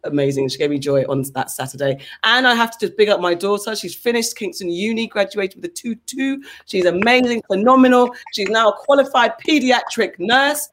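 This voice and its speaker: A woman's voice: mid-range voice, a little fast, hardly any pauses. Woman host in her 40s, blunt and profane, casual podcast storyteller. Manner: blunt, swearing, animated storytelling. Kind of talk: casual chat.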